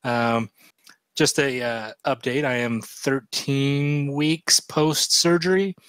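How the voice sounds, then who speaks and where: A man co-hosting a podcast in casual chat, slightly hoarse from a recent illness, joking at his own expense. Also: mid-range voice, steady tone, slow pace, fairly bright tone, no room sound. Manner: self-deprecating, joking. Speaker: podcast co-host.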